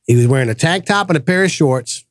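A man hosting a podcast, telling a personal story in a casual, animated way and acting out the voices of the people in it. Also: fairly high pitch, quick pace, no room sound. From grew up in the projects. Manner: animated storyteller, acts out quoted voices, frequent restarts. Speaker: podcast host.

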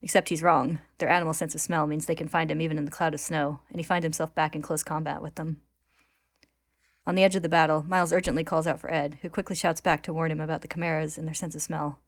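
Woman narrator retelling a story, low-pitched, steady and clear, dry close recording. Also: fast, no room sound.

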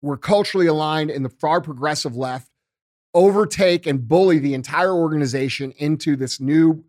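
A man's voice: a little high, normal speed, a little mellow, no echo, studio quality. A middle-aged man hosting a casual political chat, loose and profane, calling people dude and bro.

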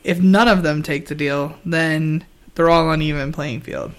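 A man co-hosting a podcast, recapping episodes in casual chat, animated, with frequent fillers and laughs. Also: on the high side, unhurried. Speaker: podcast co-host.

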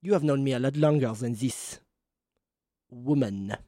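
A woman's voice: rumbling low, measured pace, dark tone, no room sound, studio quality. A woman playing in a tabletop game, playful and emphatic, laughing often. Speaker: player.

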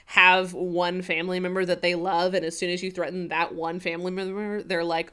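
A woman's voice: fairly low pitch, flat delivery, a little fast, hardly any pauses, bright, forceful tone, smooth. A woman in casual podcast chat, recapping an episode and acting out characters' lines as she retells scenes. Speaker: podcast co-host.

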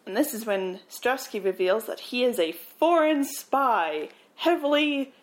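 A woman podcast co-host retelling a film plot in a casual, animated way, with wry asides. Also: a little high, measured pace. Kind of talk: casual movie recap.

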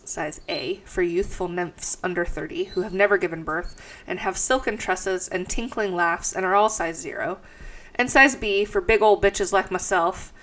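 A woman's voice: medium pitch, fairly bright tone. A young woman with a stuffy nose co-hosting a casual podcast, swearing freely and laughing as she reads aloud. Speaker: podcast co-host. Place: house.

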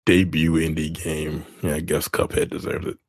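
A man's voice: very deep voice, flat delivery, moderate pace, slightly rough, no room sound, studio quality. A man co-hosting a podcast, blunt and dismissive, swearing in casual chat. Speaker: podcast co-host.

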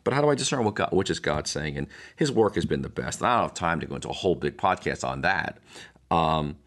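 A man's voice: extremely low pitch, lively intonation, fast, a bit bright. A man, older, speaking as a pastor and podcast host in a reflective teaching monologue, wandering through asides and restarts. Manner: rambling, many restarts and asides.

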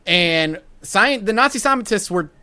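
A man hosting a podcast in casual chat, animated, profane and enthusiastic as he lays out the topic. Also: sits high, a little slow, smooth. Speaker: podcast host.

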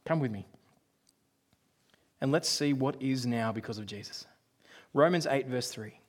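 A man preaching a sermon in a conversational, storytelling way, with offhand asides and moments where he drops to a hush. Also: medium pitch, unhurried. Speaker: pastor.

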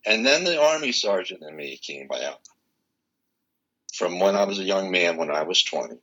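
Older male guest with a low, husky, forceful voice; an animated storyteller who acts out the dialogue. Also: moderate pace, dull audio. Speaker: interview guest. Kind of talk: personal storytelling in conversation.

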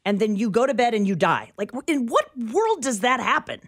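A woman's voice: fairly high pitch, sing-song, brisk. Female talk radio co-host, questioning. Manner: incredulous, questioning, reads reports aloud. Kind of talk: casual talk radio chat. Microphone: studio microphone.

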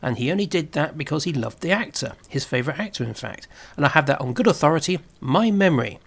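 A man presenting a scripted review of old television, speaking in a measured way with wry asides. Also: fairly high pitch, expressive, creaky, slightly rough. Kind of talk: scripted narration.

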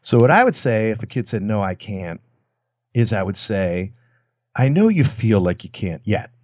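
Low-voiced man explaining persuasion. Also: very animated, normal speed, darkish tone, no room sound. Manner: demonstrates lines with acted quotes and lowered voice. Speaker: guest expert on persuasion. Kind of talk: explanatory conversational talk.

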